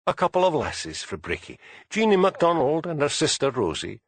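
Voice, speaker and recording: A man's voice: a little high, big pitch swings, moderate pace, slightly rough, dry recording, voice pushed up, full character voice. A man voicing a grizzled, plain-spoken old male butler in an audiobook. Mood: dour.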